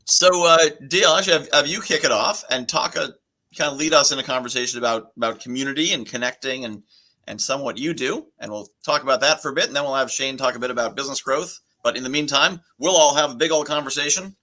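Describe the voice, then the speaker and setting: A man's voice: medium pitch, fast talker, bright, forceful tone. A man with a Northeastern American accent, hosting a podcast over a video call in a joking, upbeat way. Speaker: podcast host.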